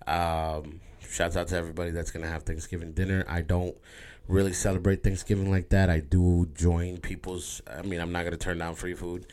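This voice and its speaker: A man's voice: deep voice, level tone, fairly quick, a little mellow. A man talking candidly to his viewers in a rambling, emotional way, repeating words and swearing casually. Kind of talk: candid personal monologue.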